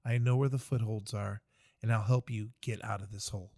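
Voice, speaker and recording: A man voicing a calm army sergeant who reassures and guides a young soldier, in a dry recording. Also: lowish voice, brisk, no echo, voice pushed down. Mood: reassuring.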